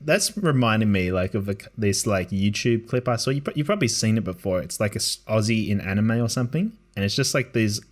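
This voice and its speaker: Man, podcast host, low voice, lively, chatty and laughing. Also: fairly quick, few pauses. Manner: chatty, laughs often, does playful voices. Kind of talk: casual chat.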